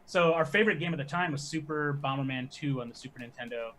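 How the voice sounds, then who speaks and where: A man, a podcast guest telling animated stories with quick asides. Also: a little high, slight background noise. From American Midwest. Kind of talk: casual podcast chat.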